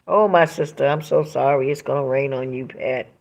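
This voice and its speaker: A woman's voice: a bass voice, normal speed, vocal fry, hardly any pauses, darkish tone. A woman hosting a livestream, reading viewer comments aloud and talking in an emphatic, preachy way that repeats phrases for emphasis. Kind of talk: emotional livestream monologue.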